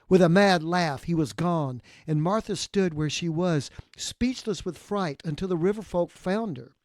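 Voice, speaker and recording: Male podcast co-host, dramatic read-aloud narrator, fairly high voice, dry close sound. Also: a little slow, few pauses, no echo. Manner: expressive storytelling.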